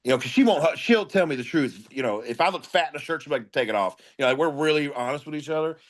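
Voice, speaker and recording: A man's voice: on the high side, lively intonation, quick pace. Blunt, profane man with a raised voice. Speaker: guest comedian. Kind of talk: candid interview storytelling.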